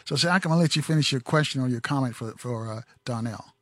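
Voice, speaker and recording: Brisk male radio host, dry studio sound. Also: mid-range voice, a bit bright, dry recording. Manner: brisk, interjecting, repeats call-in number. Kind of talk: radio call-in hosting.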